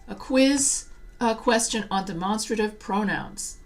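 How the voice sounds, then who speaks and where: A woman writing teacher giving a quiz prep lecture, slowing down to read example sentences aloud. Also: mid-range voice.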